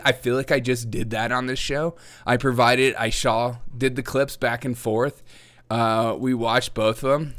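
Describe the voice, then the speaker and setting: Guy ranting on his own show, sarcastic, laughs a lot, mid-pitched voice. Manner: sarcastic, mocking, laughs often, mimics opponents in loud voices. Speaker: host. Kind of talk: opinionated political commentary.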